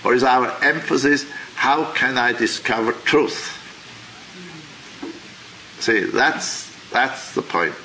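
A man teaching a religious class, lecturing in a deliberate, halting way and asking rhetorical questions. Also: medium pitch, pushed and bright, slight background noise, poor audio.

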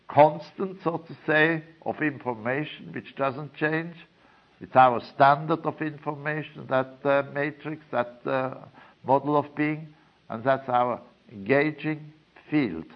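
A man giving a lecture in a slow, deliberate way, pausing often with fillers. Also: medium pitch. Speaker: teacher of a study course. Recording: dull lo-fi recording.

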